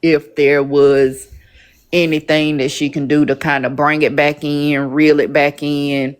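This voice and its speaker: A woman hosting a live-stream panel, speaking calmly and thoughtfully, with frequent pauses. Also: low-pitched, smooth. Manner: calm, measured, with frequent "um" pauses.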